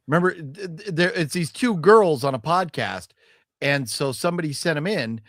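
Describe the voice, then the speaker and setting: A man's voice: a little high, lively intonation, moderate pace, a bit bright, no room sound, clean studio sound. A man hosting a casual podcast stream, tipsy from drinking, rambling and joking as he reads out viewer comments. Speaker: podcast host. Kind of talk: casual livestream chat.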